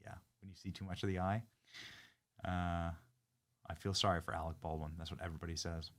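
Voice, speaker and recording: A man hosting a commentary show, reacting to a clip in a mocking, indignant way, jumping between loud outbursts and muttered asides. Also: deep voice, level tone, a little fast. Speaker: political commentary host.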